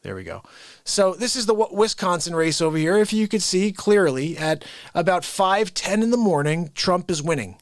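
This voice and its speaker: Excitable high-voiced man ranting. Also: moderate pace, no room sound, studio quality. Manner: animated, excitable, laughing asides. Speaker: livestream host. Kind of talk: comedic live-stream rant.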